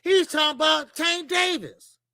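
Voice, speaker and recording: Middle-aged guy ranting about boxing on his stream, cussing, repeating himself, bright punchy voice, dry close sound. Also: very high-pitched, unhurried, gravelly, no echo. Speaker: boxing channel host. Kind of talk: live-stream commentary, reading chat.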